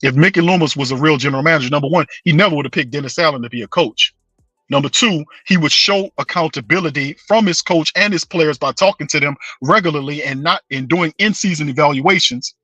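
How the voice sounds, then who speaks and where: A man's voice: a little high, quick pace, pushed and bright, no echo. A man hosting a sports show, ranting with passion and slang, calling his listeners fam and bro. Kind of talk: fired-up sports fan rant.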